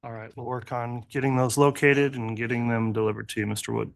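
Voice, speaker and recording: Man, judge, flat delivery, brief courtroom rulings, dry. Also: medium pitch, brisk, vocal fry, dry recording. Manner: brief, matter-of-fact rulings. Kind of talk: courtroom proceedings.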